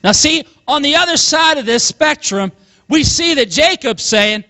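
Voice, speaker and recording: High-voiced animated male preacher. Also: normal speed. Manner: animated, calls out to congregation, chuckles often. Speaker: pastor. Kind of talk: sermon.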